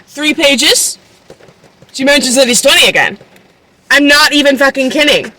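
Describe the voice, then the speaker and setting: A woman's voice: high-pitched, normal speed, pushed and bright. A woman in her twenties recapping a book casually, chatty and incredulous, full of fillers and swearing. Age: 20s. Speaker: book vlogger.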